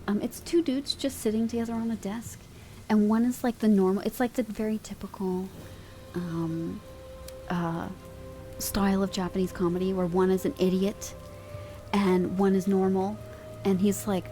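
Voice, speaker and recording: A woman's voice: medium pitch, fairly even intonation, moderate pace, warm tone, soft background music. A woman streamer chatting casually with her live chat, giggly and swearing freely, at a desk microphone at home.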